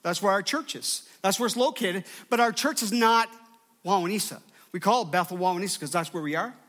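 A male pastor delivering a sermon in a high, bright voice. He preaches emphatically and keeps calling on the congregation to answer him. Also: brisk.

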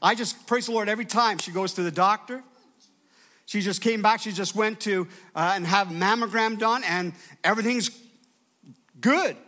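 A man's voice: high voice, normal speed, sharp tone. A man preaching a sermon as pastor, emphatic and calling out to his congregation for response.

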